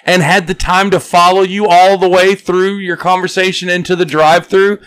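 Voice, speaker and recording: Male co-host, high-pitched, wry and teasing, laughs easily. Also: level tone, moderate pace, fairly bright tone, clear, resonant tone. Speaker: podcast co-host. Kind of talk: casual chat.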